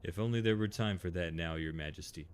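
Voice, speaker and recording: A man's voice: low-pitched, brisk, clean tone, close to an everyday voice. A man reading the lines of an earnest young squire on a quest, polite and deferential.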